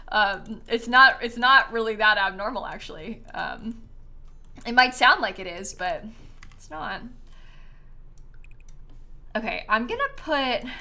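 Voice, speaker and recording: Bright, lively woman streamer chatting. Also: fairly high pitch. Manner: chatty and giggly, answers chat. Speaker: streamer building in a life-sim game. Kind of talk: casual live-stream chat.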